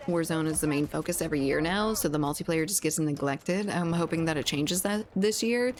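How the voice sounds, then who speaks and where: A woman's voice: deep voice, a little fast, a little mellow. Chatty woman streaming a shooter. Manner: chatty, laughs often, swears casually. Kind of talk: casual live-stream chat while gaming.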